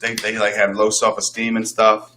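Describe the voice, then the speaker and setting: A man's voice: fairly low pitch, completely flat delivery, normal speed, pushed and bright, a little hiss or hum. A man co-hosting a radio show, rambling in a self-deprecating way during casual banter. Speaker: radio co-host.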